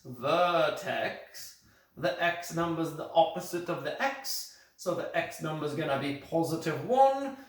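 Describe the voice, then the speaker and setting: Male teacher, put-on British accent, slow careful explaining, very echoey room. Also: fairly high pitch. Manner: steady step-by-step explaining, correcting own slips. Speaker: math teacher. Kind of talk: recorded remote lesson. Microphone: phone. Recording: echoey room, phone from a distance.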